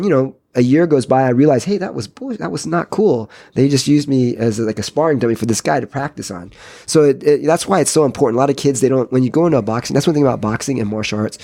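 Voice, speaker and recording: A man in his fifties, a gym owner, telling animated stories in casual podcast chat and acting out the voices of people he quotes. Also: medium pitch. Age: 50s. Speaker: jiu-jitsu gym owner and guest.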